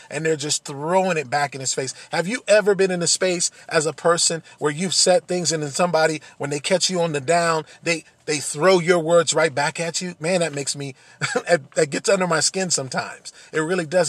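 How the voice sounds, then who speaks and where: A man's voice: a little high, fairly bright tone, no room sound. A man preaching a sermon, earnest, repeating phrases and building to emphatic peaks.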